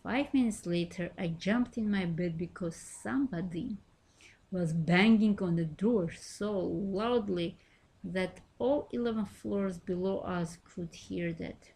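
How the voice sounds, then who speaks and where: A woman's voice: mid-range voice, slow pace, darkish tone, slightly rough. A woman reading her own first-person memoir aloud, telling it in a wry, self-mocking way.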